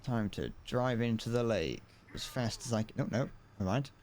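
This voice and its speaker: A young British man in his twenties talks casually over a video game from his room. He rambles from one joking aside to the next. His middle-range voice swings widely up and down in pitch. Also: animated, normal speed, a little mellow, slight background noise. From Britain. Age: 20s. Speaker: streamer. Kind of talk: casual gaming commentary. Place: home room.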